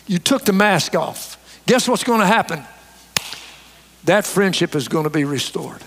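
A man's voice: high-pitched, lively intonation, normal speed, a bit bright, big-room sound. A man preaching a sermon as pastor to his church, reading scripture and urging honesty.

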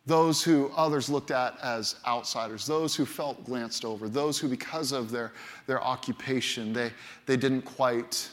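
A man's voice: medium pitch, fairly bright tone. A man preaching a sermon as pastor, emphatic and repeating key phrases for effect, in a large church. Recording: long hall reverb from a church.

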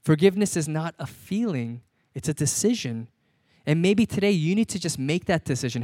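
A man's voice: fairly high pitch, lively intonation, moderate pace, a little mellow, dry recording. A man in his thirties, a pastor preaching a conversational sermon and repeating key lines for emphasis.

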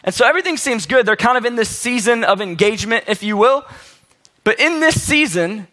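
A man's voice: high-pitched, expressive, a little fast, bright, forceful tone. A man preaching a sermon in a conversational way, asking the listeners rhetorical questions. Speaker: pastor.

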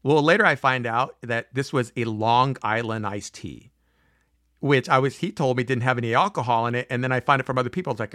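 A man in his forties tells a personal story as a casual monologue, loose and chatty at normal speed. He animatedly acts out other people's lines, uses lots of fillers, and often restarts sentences. His middle-pitched voice sounds dry and close to the mic.

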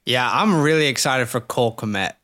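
A man co-hosting a casual fantasy football podcast, energetic and hype-building as he talks. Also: mid-range voice, normal speed. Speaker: podcast co-host. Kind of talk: casual sports podcast chat.

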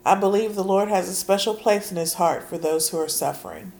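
A hoarse woman preaching a sermon, speaking earnestly and casually and reading scripture aloud with emphasis. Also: medium pitch, a little fast, darkish tone. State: hoarse from allergies.

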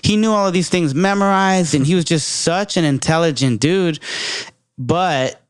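A man's voice: a little high, normal speed, smooth, dry recording. A young man hosting a podcast, telling loose, profane stories full of fillers in casual chat. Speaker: podcast host and comedian.

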